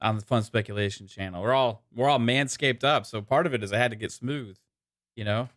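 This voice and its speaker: A man's voice: mid-range voice, fairly quick, fairly bright tone. A man co-hosting a podcast, chatting in a loose, jokey, crude way. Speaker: podcast co-host. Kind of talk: casual podcast chat.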